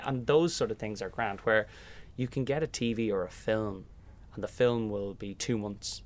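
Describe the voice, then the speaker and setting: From Ireland, this young man is a musical theatre actor chatting in a relaxed interview, a natural storyteller who performs the voices of people in his anecdotes. He speaks in a lowish voice at normal speed with few pauses.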